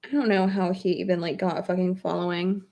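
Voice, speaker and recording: A woman's voice: fairly low pitch, little pitch movement, quick pace, warm tone. A young woman with a cold-stuffed nose talks through her makeup routine in a loose, blunt way. She swears freely and reads comments aloud as she goes. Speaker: beauty vlogger. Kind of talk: casual get-ready-with-me chat while doing makeup. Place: home, at a makeup table.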